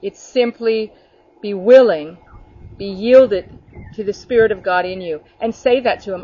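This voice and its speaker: A woman's voice: mid-range voice, a little slow, dark tone, highs cut off. A woman teaching a small prayer group over a video call, speaking earnestly, addressing listeners by name and often checking in with "okay?". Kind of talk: spontaneous preaching to a small group.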